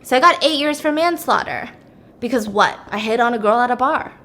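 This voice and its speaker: A woman's voice: on the high side, lively intonation, a little fast, pushed and bright, a little hiss or hum. A woman voicing an injured, angry male groundskeeper who defends himself heatedly. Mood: defensive.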